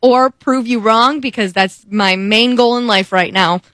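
A woman's voice: fairly high pitch, measured pace, dry recording. Candid young woman, dry close sound. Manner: candid, animated storytelling with acted quotes. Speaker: podcast co-host. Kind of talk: casual chat.

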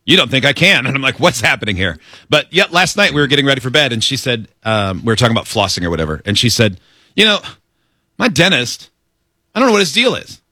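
Joking male podcast co-host, very bright voice, lively pitch, dry close mic. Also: no room sound. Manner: lively, joking, quick to interrupt. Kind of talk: casual chat.

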